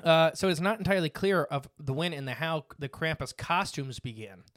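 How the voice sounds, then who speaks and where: A man's voice: fairly high pitch, expressive, brisk, a bit bright, no echo, studio quality. A man hosting a casual podcast, reading from notes with fillers and asides. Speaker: podcast host.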